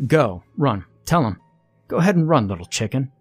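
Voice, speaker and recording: Man putting on a snarling, mocking boy, husky and goading; horror story reading. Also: medium pitch, sing-song, normal speed, soft background music, pitched above the performer's own voice.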